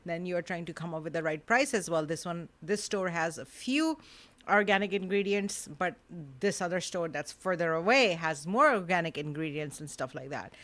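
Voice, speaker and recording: A woman's voice: fairly low pitch, lively intonation, moderate pace, fairly bright tone. A woman co-hosting a podcast, chatting casually and filling her talk with "like" and "you know". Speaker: co-host.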